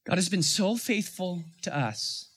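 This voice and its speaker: A man's voice: high-pitched, animated, measured pace, slightly rough. A man, a father of young children, preaching a sermon in a conversational style that rises into emphatic bursts. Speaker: pastor.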